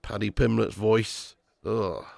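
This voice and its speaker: A man hosting a live football watch-along, calling the play and reading chat, excitable and swearing freely. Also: on the low side, takes it slowly, creaky, no room sound. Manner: excitable, swears, jumps from play calls to chat shout-outs. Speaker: fan channel host.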